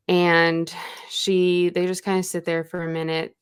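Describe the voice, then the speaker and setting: Lady podcaster, kinda low voice, chatty, recapping a book and reading bits out loud. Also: flat delivery, takes it slowly, long pauses, clear, resonant tone. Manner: chatty, lots of fillers, reads passages aloud. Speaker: podcast co-host. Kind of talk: casual book-club chat, recapping and reading aloud.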